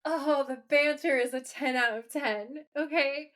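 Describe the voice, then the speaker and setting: With a high voice and an unhurried delivery, a woman co-hosting a podcast casually sums up a TV episode. She's animated, voicing the characters as she retells scenes in quoted dialogue.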